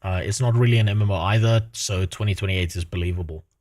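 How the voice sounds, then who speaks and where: A man's voice: sits low, fast talker, darkish tone. A man streaming casually with a sore throat, swearing often and ranting animatedly. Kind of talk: casual reaction stream chat.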